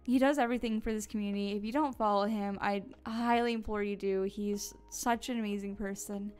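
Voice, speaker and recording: A woman's voice: mid-range voice, fairly even intonation, fairly quick, a little mellow, clean tone, soft background music. A tired woman streamer chatting casually on a desk mic, giggly and rambling. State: sleepy and tired. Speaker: live streamer. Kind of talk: casual live-stream chat.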